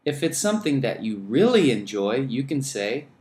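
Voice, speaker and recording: A man teaching an English lesson, speaking slowly and deliberately and modelling phrases for learners to repeat. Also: medium pitch, big pitch swings, darkish tone, roomy sound. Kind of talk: scripted lesson narration.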